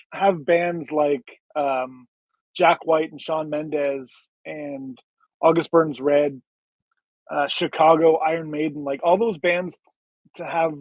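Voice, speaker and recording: A small business owner appearing as a podcast guest, pausing often with fillers. His voice sits a little higher than most men's. The recording is dry and close, with no room sound. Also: dry recording, muffled recording. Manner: halting, full of filler words. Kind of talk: casual podcast chat.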